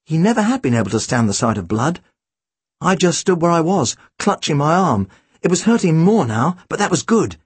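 A man's voice: a little high, very animated, moderate pace, husky, dry recording. A man reading a first-person storybook aloud with a dry, wry delivery. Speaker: audiobook narrator.

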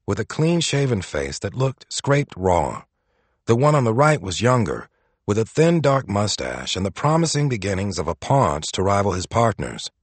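A man narrating an audiobook in a dramatic, expressive way. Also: fairly low pitch, breathy edge, no room sound.

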